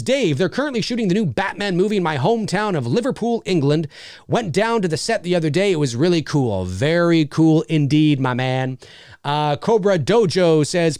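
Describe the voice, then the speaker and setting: A man's voice: on the high side, a little mellow, no room sound, studio quality. A middle-aged man and voice actor hosting a casual livestream, rambling with lots of fillers as he reads viewer messages. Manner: rambling, many fillers and restarts.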